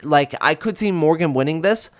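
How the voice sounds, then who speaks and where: A man's voice: a little high, expressive, normal speed. A young man hosting a casual video of fight predictions, rambling with lots of fillers and self-corrections. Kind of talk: casual solo prediction talk.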